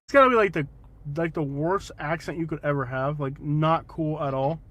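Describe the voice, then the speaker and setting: A man's voice: a little high, normal speed, fairly bright tone, no room sound. A man live-streaming from his car, chatting in a rambling, jokey way and laughing often. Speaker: livestreamer. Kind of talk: casual live-stream chat. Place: in a car, driving.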